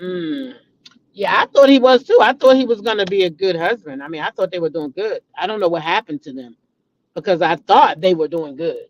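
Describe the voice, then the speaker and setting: A woman's voice: fairly low pitch, expressive, brisk, no room sound. A middle-aged woman hosting a casual gossip chat. She talks animatedly, repeats names and breaks into dramatic exclamations. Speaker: host. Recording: dull lo-fi recording.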